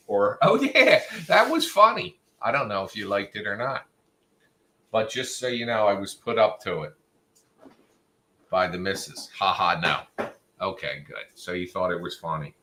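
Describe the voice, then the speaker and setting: A man's voice: fairly low pitch, pushed and bright. A man hosting a casual livestream chat, teasing and joking with his viewers. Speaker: livestream host.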